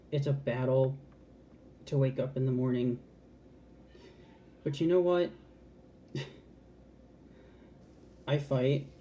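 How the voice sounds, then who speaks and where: A woman's voice: a bass voice, mellow, slight background noise. A trans woman talking frankly to camera in a casual, heartfelt vlog, swearing freely and restarting her sentences. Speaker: vlogger.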